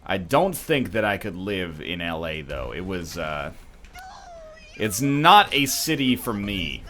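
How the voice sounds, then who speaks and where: A man's voice: deep voice, sing-song, slow, sharp tone, a little hiss or hum. A man in his thirties rambles through a casual let's-play. His voice swoops up and down, and he keeps breaking into mocking put-on voices as he jokes along. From Canada. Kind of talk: casual gaming commentary.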